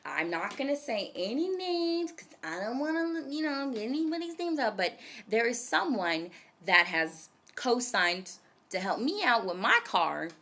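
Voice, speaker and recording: A woman in her twenties telling a personal story to her viewers in a casual vlog, dramatic and chatty. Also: on the high side. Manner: animated, dramatic storytelling that addresses viewers directly. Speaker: vlogger.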